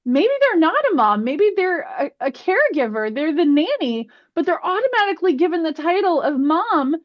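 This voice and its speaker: A woman's voice: extremely high pitch, sing-song, moderate pace. A woman speaking as a podcast guest in casual chat, earnest and reflective. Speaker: guest presenter. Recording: muffled lo-fi audio.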